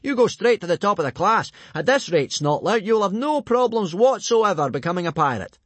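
A man voicing a loud, jolly Viking teacher who gushes with theatrical praise. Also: very animated, a little fast, dry recording. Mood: gushing. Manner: booming, gushing, theatrical.

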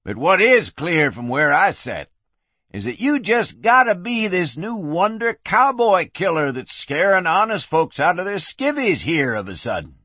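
A man's voice: medium pitch, wildly swooping pitch, slow pace, fairly bright tone, husky, no echo, heavily acted. A man voicing a cocky, sarcastic young cowboy troublemaker who boasts.

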